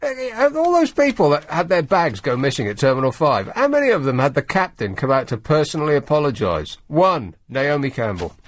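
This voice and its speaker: A man's voice: a little high, sing-song, a little fast, hardly any pauses. A man hosting a talk radio show, reading out news stories and mocking them in a sardonic, conversational way. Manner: sardonic, reads news items and mocks them. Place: radio studio. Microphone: studio microphone.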